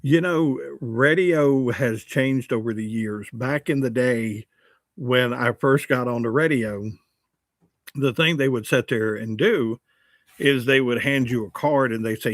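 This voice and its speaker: A man's voice: medium pitch, moderate pace. A man in his sixties hosts a casual livestream, reading out viewer comments and teasing himself with an easy, joking manner. His voice sits in a middle register, and the sound is dry with no room echo. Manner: joking, chatty and self-mocking. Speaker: livestream host and radio host.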